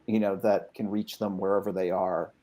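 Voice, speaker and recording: A man with a fairly low voice talks through his points at a loose, thinking-aloud rhythm. He fills gaps with fillers and restarts, then chimes in with brief agreements. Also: little pitch movement, moderate pace, mellow. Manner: thoughtful, with frequent fillers and affirming backchannels. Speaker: guest game designer. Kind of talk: casual chat.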